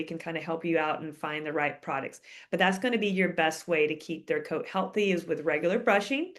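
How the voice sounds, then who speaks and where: A woman's voice: lowish voice, fairly bright tone. A woman veterinarian answering viewer questions in a chatty, casual way, often ending sentences with "okay?". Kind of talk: casual advice Q&A.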